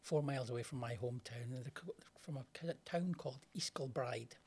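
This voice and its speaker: A Scottish man with a strong accent and a slightly husky voice talks in a relaxed, rambling way. He introduces songs for a casual music chat, drifting into asides as he explains. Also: medium pitch, a little fast. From Scotland. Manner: chatty, explains at length with asides. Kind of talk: casual radio-style chat.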